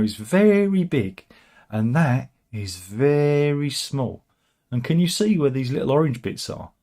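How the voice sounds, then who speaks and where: A man's voice: mid-range voice, vocal fry, mellow. A man hosting casual satirical news commentary, sardonic and rambling, with chuckling asides. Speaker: host of a satirical news channel.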